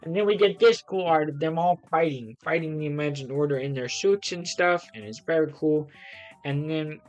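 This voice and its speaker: Excitable man rambling through a comic review. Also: a little high, moderate pace, muffled recording, soft background music. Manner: excitable, rambling with many ums and restarts. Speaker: comic reviewer streaming live. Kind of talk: casual live comic review.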